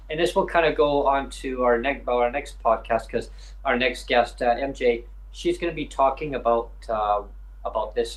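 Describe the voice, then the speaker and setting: A man's voice: mid-range voice, low-quality recording. A man from British Columbia, Canada, hosting a live podcast. He talks in a rambling, emphatic way with many hesitations. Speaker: podcast host. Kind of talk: live podcast advocacy talk.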